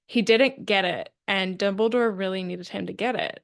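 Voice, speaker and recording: Earnest woman podcast host, gravelly edge. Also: medium pitch, normal speed. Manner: earnest, reflective, lots of fillers. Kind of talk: casual interview chat.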